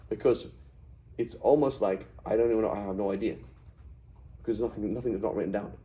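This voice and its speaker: A man's voice: lowish voice, fairly even intonation, a little fast, warm tone, low-quality recording. A man teaching a class in a conversational lecture style, often putting questions to his students. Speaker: Arabic teacher.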